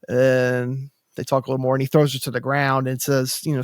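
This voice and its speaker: A man's voice: medium pitch, level tone, normal speed, clear, resonant tone, dry recording, clean studio sound. A man co-hosting a podcast, rambling casually with lots of fillers and restarts. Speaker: podcast co-host. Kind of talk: casual chat.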